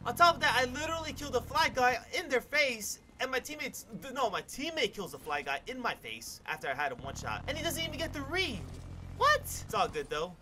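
Young male gaming commentator, high bright voice, loud and boastful. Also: sing-song, a little fast, a little hiss or hum. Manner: hyped, cocky, swears a lot, sudden yells. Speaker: gaming YouTuber. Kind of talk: gameplay commentary.

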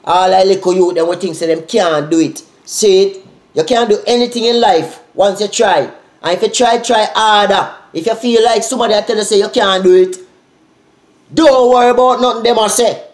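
A man with a thick Jamaican Patois accent talks to his viewers in a casual vlog, repeating his shout-outs with lots of energy. His voice sits fairly high. The room around him is echoey. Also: fairly quick. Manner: animated, repetitive, swearing in patois. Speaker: vlogger.

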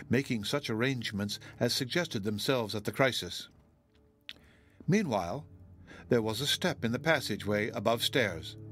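In a measured, expressive middle-pitched voice, a male audiobook narrator reads a classic novel, slowing on solemn phrases. Soft music plays beneath this scripted narration.

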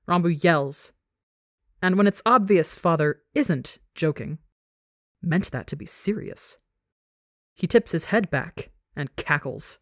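A woman's voice: on the low side, animated, slow, long pauses, no room sound, clean studio sound. A woman narrating a dramatic fan fiction story for a podcast in an intense storytelling manner.

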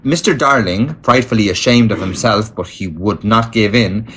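A man reading a children's classic aloud as a volunteer, with a husky voice, a lively delivery and small slips. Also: fairly low pitch, normal speed. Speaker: volunteer audiobook reader. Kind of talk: storybook read-aloud.

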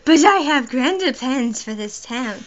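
A woman voicing a creepy, pompous male king from a handheld game, reading his lines in a theatrical, booming way. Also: animated, measured pace. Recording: muffled lo-fi recording.

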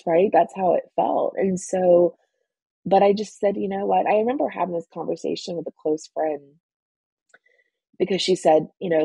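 A woman in her forties tells her story in an earnest, halting way, close to tears. Her voice is low, dark and gravelly, and very husky. The sound is dry and close. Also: fairly even intonation, no echo, poor audio. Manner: earnest, emotional, halting with restarts and fillers. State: emotional, near tears. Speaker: cancer patient telling her story. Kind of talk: personal interview storytelling.

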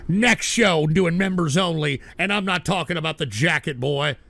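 A man hosting a livestream radio show, ranting profanely about his chat and breaking into abrasive shouting bursts. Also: on the high side, moderate pace, gravelly. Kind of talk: profane on-air rant reading chat.

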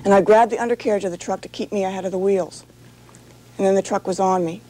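A woman and former firefighter calmly recounting a serious accident in personal testimony, in plain, measured storytelling that slows on key moments. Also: mid-range voice, low-quality recording.

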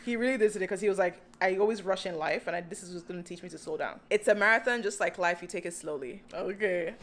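A woman vlogging in a chatty, excitable way, often laughing as she talks. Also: on the low side, quick pace. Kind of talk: casual vlog chat.

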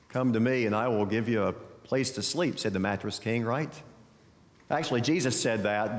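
A male pastor preaching a sermon with folksy storytelling and gentle humor. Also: medium pitch. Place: church sanctuary. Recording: echoey church sanctuary.

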